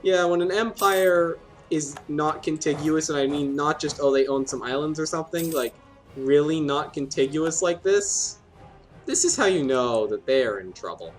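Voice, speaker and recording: A man's voice: a little high, normal speed, soft background music. A man giving rambling, playful commentary while playing a strategy game, talking to himself and laughing at his own jokes. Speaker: gaming video host.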